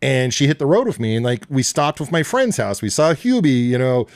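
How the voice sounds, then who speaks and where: A man's voice: medium pitch, a little fast, dry recording. A man telling rambling, profane road-trip stories as a podcast guest in a basement studio. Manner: rambling, profane, animated storytelling. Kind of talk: casual storytelling.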